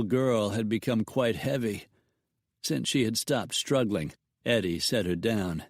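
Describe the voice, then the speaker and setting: Male audiobook narrator, slow and measured, dry close sound. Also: lowish voice, a little mellow, dry recording. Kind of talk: scripted narration of a western novel.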